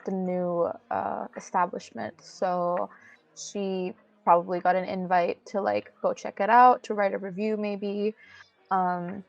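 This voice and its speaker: Gravelly woman thinking aloud. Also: medium pitch, level tone, a little slow, no room sound, highs cut off. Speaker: player. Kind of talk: casual game chat.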